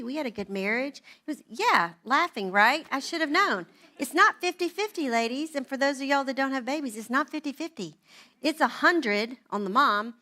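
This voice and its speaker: Middle-aged woman, church event speaker, bright crisp tone, lively wry storyteller. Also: high-pitched. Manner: animated, self-deprecating, wry humor. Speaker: guest speaker at a church moms' night. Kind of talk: storytelling talk to a live audience.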